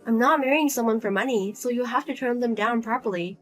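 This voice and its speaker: Woman playing a grown daughter, low, quiet, blunt, cold, lecturing, family drama. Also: fairly quick, soft background music, close to an everyday voice. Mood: firm, exasperated. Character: single adult daughter, firm and exasperated.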